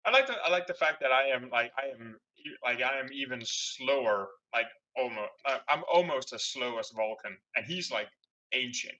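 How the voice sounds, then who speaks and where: A man's voice: medium pitch, lively intonation, moderate pace, pushed and bright, slight background noise, poor audio. A man playing a tabletop game, talking casually and rambling with many restarts. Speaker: player.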